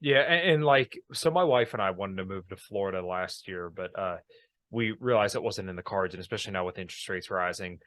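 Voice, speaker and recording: Casual male podcast host, low-ish voice, dry close sound, easygoing and jokey. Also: a little fast, fairly bright tone, no room sound. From Pennsylvania. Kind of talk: casual political chat.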